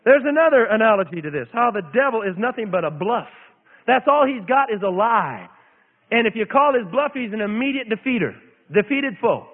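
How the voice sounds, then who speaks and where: Male preacher from Idaho, high and swinging delivery, dramatic storyteller; thin phone-like sound. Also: a little fast, big-room sound. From Idaho, USA. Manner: animated, dramatic storytelling with repetition. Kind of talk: sermon with storytelling.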